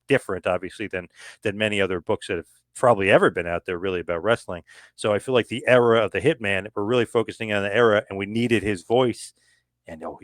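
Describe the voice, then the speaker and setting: A man chatting as a podcast guest, racing along at a quick clip. He keeps restarting and acting out what others told him. His voice sits on a dry close mic with no room sound. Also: mid-range voice, no echo. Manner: animated, full of restarts and acted-out quotes. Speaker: podcast guest, book author. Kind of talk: casual podcast chat.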